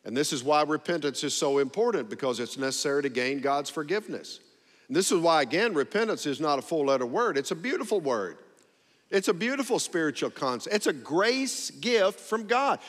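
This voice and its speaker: A man's voice: fairly high pitch, expressive, brisk, a bit bright. A man preaching a sermon to a congregation, drawing out emphatic phrases and calling for responses. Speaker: pastor. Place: church sanctuary. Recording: long hall reverb.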